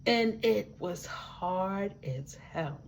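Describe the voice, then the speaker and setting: A woman's voice: mid-range voice, animated, very slow, slight background noise. A woman speaking to her viewers in a personal testimonial, talking emphatically, repeating words for effect and dropping folksy asides. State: living with a disability, wheelchair user. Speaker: vlogger sharing her life with a disability. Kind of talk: personal testimonial talk to camera.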